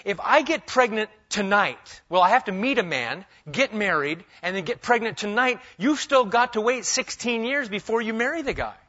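A man's voice: high voice, lively intonation, normal speed, few pauses, bright, forceful tone, lo-fi sound, pitched above the performer's own voice, heavily acted. A preacher putting on a blunt widowed older woman. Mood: exasperated.

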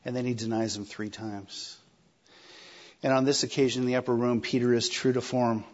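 A man preaching a sermon in a conversational, animated way, acting out quoted lines. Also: mid-range voice, moderate pace, dull audio.

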